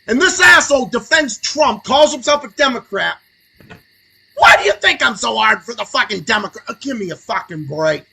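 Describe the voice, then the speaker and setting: Brief: young male streamer, furious profane rant, sneering sarcasm, raspy and bright. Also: extremely high pitch, expressive, normal speed, poor audio. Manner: angry, sarcastic, swings between muttering and shouting. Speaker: podcast host. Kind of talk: profane political rant on a livestream.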